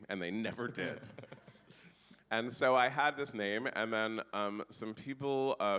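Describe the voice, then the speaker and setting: A man telling a comic story on a festival stage in a dry, deadpan way, with stammering restarts. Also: on the low side. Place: festival tent with live audience.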